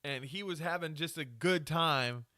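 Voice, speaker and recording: A man's voice: a little high, measured pace, pushed and bright, dry recording, clean studio sound. A man hosting a solo podcast, ranting crudely with lots of swearing and laughing at himself. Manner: self-mocking, laughs at himself. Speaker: podcast host.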